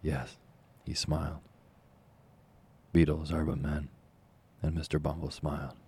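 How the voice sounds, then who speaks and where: Deep, gravelly narrator of a classic novel. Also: male voice, flat delivery, a little mellow. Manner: measured, formal storytelling. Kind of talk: audiobook reading of a classic novel.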